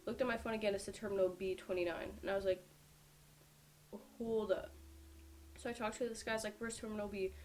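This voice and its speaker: Brief: young female vlogger, mid-range pitch, chatty and casual, lots of fillers, faint hum behind. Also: steady tone, rapid-fire. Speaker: powerlifter vlogger. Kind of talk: casual vlog storytelling.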